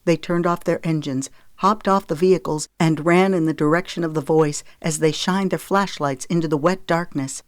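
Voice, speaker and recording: An audiobook narrator reading a novel with steady, measured storytelling into a close microphone. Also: mid-range voice, no echo. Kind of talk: scripted narration of a romance novel.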